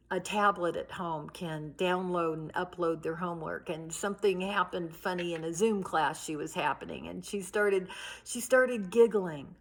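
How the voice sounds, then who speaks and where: A middle-aged woman giving a heartfelt recorded address to teachers from her home, telling stories in an earnest way. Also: fairly low pitch. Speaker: union leader addressing teachers.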